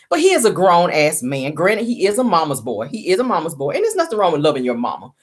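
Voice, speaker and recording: A woman's voice: lowish voice, very animated, quick pace, few pauses. A woman hosting casual celebrity gossip commentary, sassy and opinionated, often calling viewers honey.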